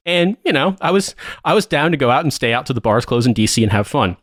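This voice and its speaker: A man's voice: mid-range voice, lively intonation, quick pace, fairly bright tone, dry recording. Rambling, laughing man on a dry mic. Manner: rambling, profane, laughs often. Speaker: podcast co-host. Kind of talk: casual storytelling chat.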